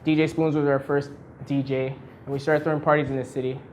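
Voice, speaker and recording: A man in his thirties giving a motivational storytelling speech at a launch party, animated and laughing often. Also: fairly high pitch, quick pace, a little hiss or hum. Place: event venue with an audience.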